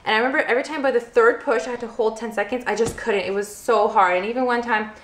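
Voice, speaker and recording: A woman's voice: fairly high pitch, steady tone, fast talker, fairly bright tone, slight background noise. Chatty young woman vlogger, roomy echo. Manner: chatty, heavy use of "like" fillers. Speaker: vlogger, first-time mother. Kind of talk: casual storytelling to camera.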